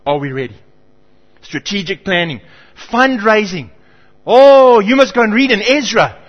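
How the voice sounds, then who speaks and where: High-pitched middle-aged guy preaching, acts out voices in his stories, dull echoey church hall sound. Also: a little slow. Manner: animated storytelling, acts out quoted voices. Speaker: pastor. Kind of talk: sermon.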